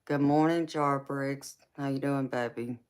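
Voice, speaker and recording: A woman's voice: very deep voice, clear, resonant tone. A woman with a Southern American accent, hosting a casual live stream and chatting with her viewers, calling them baby and honey. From California. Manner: warm terms of endearment, slow relaxed talk. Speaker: tarot reader and live stream host.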